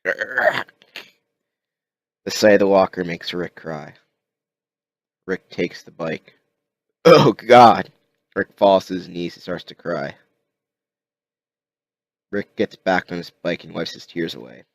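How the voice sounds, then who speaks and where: A man narrating a comic story aloud as an amateur reader, halting with frequent restarts and fillers. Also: low voice, steady tone, creaky, dry recording.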